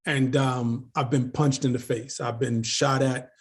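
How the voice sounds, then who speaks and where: A middle-aged man, a leadership coach telling lively stories in an interview, laughing often and repeating phrases. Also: medium pitch, unhurried, husky. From Queens, New York. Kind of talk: casual storytelling interview.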